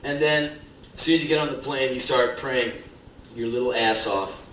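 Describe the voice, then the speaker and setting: A young man tells profane comic stories on a club stage, with a bright, forceful voice that swings into shouted rants. His voice rings through a roomy club and reaches the microphone from some distance, with a faint murmur of the room behind him. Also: medium pitch, normal speed, slight background noise. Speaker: spoken word performer. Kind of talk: live spoken word storytelling. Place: club stage before a live audience.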